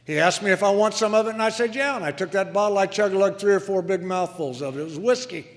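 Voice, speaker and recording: Speaking quickly in a voice that sits high, a man in his 60s gives a wry, self-deprecating account of himself at a recovery meeting. The hall's long reverb carries his words.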